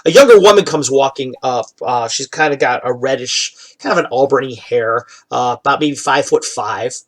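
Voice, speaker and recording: A man narrating a tabletop game in easy, casual speech. He keeps pausing on "uh" and "um" as he sets the scene for the players. His voice sits at an ordinary middle pitch. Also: rough recording. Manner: relaxed, with many fillers. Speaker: dungeon master.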